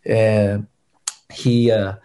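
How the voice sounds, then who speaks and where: A stunt performer in his thirties tells lively stories as a guest in an easygoing chat, voicing other people's lines himself. He speaks extremely slowly in a fairly low pitch.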